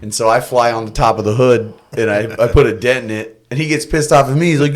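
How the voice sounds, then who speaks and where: A man's voice: medium pitch, a little fast, hardly any pauses, a little hiss or hum. A young man from Florida, a podcast guest, telling wild stories casually and laughing, acting out the lines of the people in them. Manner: laughing, animated anecdotes with acted-out quotes. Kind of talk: casual storytelling.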